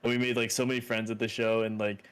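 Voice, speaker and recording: A man's voice: medium pitch, level tone, fast talker, smooth. A young man co-hosting a podcast in casual chat, laid-back and rambling. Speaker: podcast co-host.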